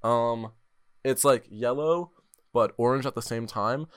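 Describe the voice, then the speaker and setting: On a desk mic in a dry, echo-free studio-quality recording, a teenage podcast host of seventeen chats alone in a rambling, jokey, self-deprecating way. His mid-range voice is unhurried, clear and resonant.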